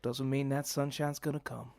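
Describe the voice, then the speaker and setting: A man's voice: mid-range voice, little pitch movement, normal speed, creaky, a little mellow, dry recording, studio quality, close to an everyday voice. A man putting on a hammy Southern American drawl. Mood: theatrical. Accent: put-on Southern American. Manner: rambling, over-theatrical stage delivery.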